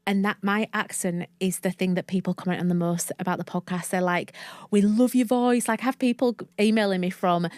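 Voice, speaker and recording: A woman's voice: on the low side, fairly even intonation, a little fast, few pauses, a little mellow, no room sound, clean studio sound. Chatty Northern English woman from Leeds. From Leeds, England. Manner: chatty, effusive, self-interrupting. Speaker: guest, manifestation coach. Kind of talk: casual podcast interview.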